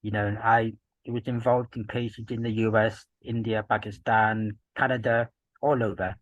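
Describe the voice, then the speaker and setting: A man in his fifties from Gloucester in England, a podcast guest talking in a measured, reflective way with many "you know"s, through earpieces. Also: on the low side, little pitch movement, no room sound, dull audio. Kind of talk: casual interview chat.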